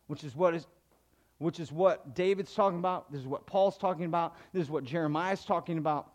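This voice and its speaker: A man's voice: on the high side, fairly quick, a little mellow. A middle-aged man, a pastor, giving a conversational sermon that builds to emphatic preaching.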